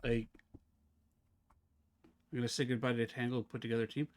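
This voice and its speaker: Fast-talking chatty man streaming a game. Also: mid-range voice, little pitch movement. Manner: chatty, talks to chat while fiddling with settings; talks fast, slurs words together. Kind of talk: casual live-stream chat while gaming.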